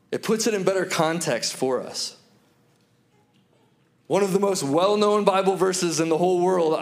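A man in his thirties preaching a sermon to his church, telling stories and slowing down to repeat key lines for emphasis. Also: on the high side. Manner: storytelling with slow, emphatic repetitions. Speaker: pastor.

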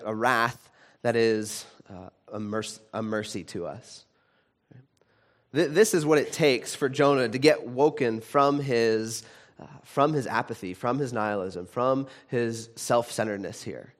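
A man of middling pitch preaches a sermon in a loose, conversational way. He stops and restarts his sentences often, and he gets animated whenever he retells a story. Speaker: pastor.

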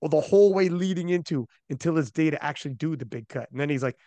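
A man with a high, bright speaking pitch hosts a podcast in loose, animated casual chat, spinning stories with plenty of swearing. The sound is dry and close, with no room around it. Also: fast, no echo. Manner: animated storyteller, loose and profane. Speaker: podcast host.

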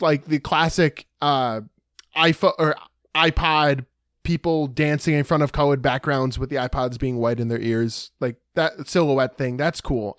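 A man co-hosting a podcast in casual chat, telling a story with animated, exaggerated dismay. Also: fairly high pitch, no room sound, clean studio sound. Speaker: podcast co-host.

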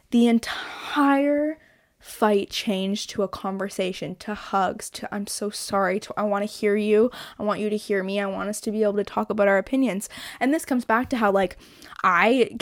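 A woman's voice: medium pitch, no echo, studio quality. A young woman hosting a casual solo podcast, talking candidly with lots of "like" fillers and casual swearing. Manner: candid, chatty, swears freely, many "like" fillers. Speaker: podcast host.

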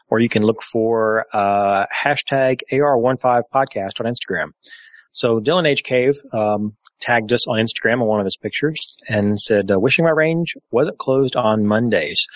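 A man co-hosting a podcast in casual chat, laid-back and quick to laugh at his own slips. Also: fairly low pitch, fairly bright tone, no room sound. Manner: laid-back, self-deprecating, chatty. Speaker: podcast co-host.

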